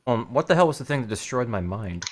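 A man chatting casually with his team over a headset while gaming, reading game messages aloud in a relaxed way. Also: mid-range voice, fast. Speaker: gamer streaming a raid.

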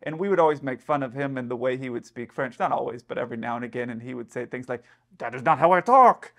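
A man's voice: mid-range voice, steady tone, fast talker. A man who is an airline pilot, casually talking through an incident and guessing aloud at what went wrong. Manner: chatty, explanatory, speculating aloud. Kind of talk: casual commentary.

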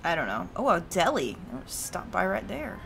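A woman streams a game with very animated, casual let's-play chatter, reading characters' lines aloud, swearing freely and laughing a lot. Her voice is lowish with vocal fry and a fairly bright tone, at a moderate pace, with a little hiss or hum in the audio.

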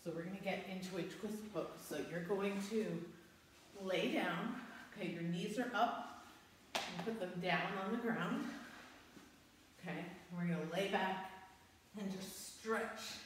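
Woman, kids yoga teacher, storybook yoga lesson, slow and gentle, echoey home room, mic far away. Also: mid-range voice, a little hiss or hum. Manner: slow, gentle, storytelling with cues and sound effects.

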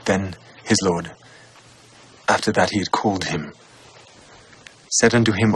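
A man giving a solemn, measured reading of the gospel in old-fashioned English. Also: deep voice, husky. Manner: measured, unhurried phrasing. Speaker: scripture reader.

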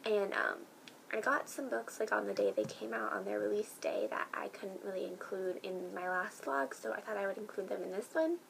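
Young woman, book vlogger, gushing and excitable, gravelly fry in her voice, faint background hiss. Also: mid-range voice, moderate pace, poor audio. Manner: gushing, excitable, many fillers. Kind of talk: casual vlog chat.

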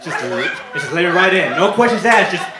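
A man's voice: high voice, fairly quick, noisy background. Young man doing stand-up in an echoey club. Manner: deadpan storytelling with brief shouted character bits. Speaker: stand-up comedian. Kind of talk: stand-up comedy set. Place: comedy club stage. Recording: echoey club with loud crowd.

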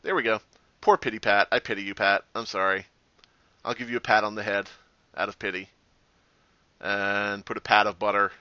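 A man commenting on his own game as he plays, sarcastic and quick to swear, with loud reactions. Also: fairly low pitch, steady tone, clear, resonant tone, no echo. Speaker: gaming channel host. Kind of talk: gameplay commentary. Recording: dry, slightly muffled home recording.

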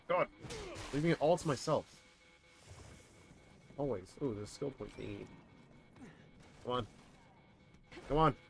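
A man's voice: mid-range voice, slow, vocal fry, long pauses, soft background music. A young man streaming a co-op game live, reacting in exasperation to his partner and reading his chat. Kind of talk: live gameplay commentary.

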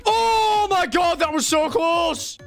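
A young man giving casual gameplay commentary, excitable, laughing, swearing and shouting. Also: extremely high pitch, takes it slowly, soft background music. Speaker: gaming streamer.

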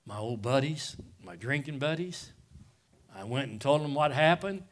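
A middle-aged man preaching a sermon, moving between hushed, nearly whispered testimony and loud impassioned passages, calling out to the congregation with "Amen?" and "guys.". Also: medium pitch, animated, moderate pace. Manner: addresses listeners as "guys" with call-outs of "Amen?". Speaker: pastor.

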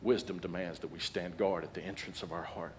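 A man in his forties preaching a sermon as a guest speaker, animated and humorous, building to loud peaks. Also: sits low, a little fast, slight background noise. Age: 40s.

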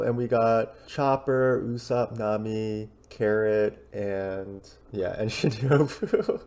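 A man co-hosting a podcast, recapping a comic chapter in a relaxed, casual way. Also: on the low side, slow, hardly any pauses. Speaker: podcast co-host.

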